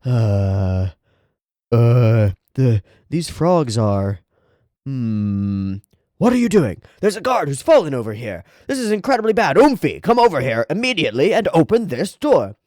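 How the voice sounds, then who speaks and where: A panicking middle-aged priest, poisoned and frantic, counting prime numbers under his breath to stay calm, as a man reading a manga aloud puts him on. The voice sits low and swings widely in pitch, recorded dry and close. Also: measured pace, no room sound. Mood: commanding. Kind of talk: dramatic manga read-aloud.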